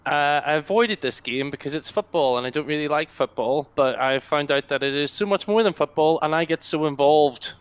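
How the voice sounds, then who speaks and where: This gaming podcast co-host has a fairly high, clean-toned voice and talks fairly quickly, barely pausing. He tells animated stories about games with enthusiasm, though the lo-fi recording sounds slightly dull.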